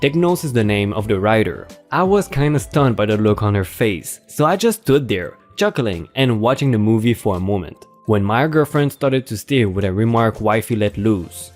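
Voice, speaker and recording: A man's voice: on the low side, expressive, moderate pace, few pauses, darkish tone, soft background music. A man hosting a story channel, reading online posts aloud with a hyped delivery.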